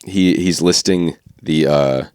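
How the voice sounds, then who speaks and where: Very deep-voiced deadpan man. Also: takes it slowly, clear, resonant tone, no echo, studio quality. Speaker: co-host. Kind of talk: casual comedy podcast chat.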